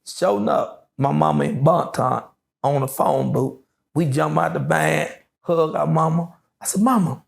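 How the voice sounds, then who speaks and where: Gravelly middle-aged man with a drawl. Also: fairly high pitch, steady tone. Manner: slow, drawling storytelling with many fillers. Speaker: interview guest. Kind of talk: casual storytelling interview.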